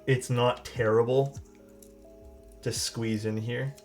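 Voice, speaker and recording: Gravelly-voiced young man streaming casually. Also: medium pitch, flat delivery, slow, a little mellow, soft background music. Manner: loose, rambling, swears casually, chats with viewers. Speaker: streamer building a keyboard. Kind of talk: casual live-stream chat while working.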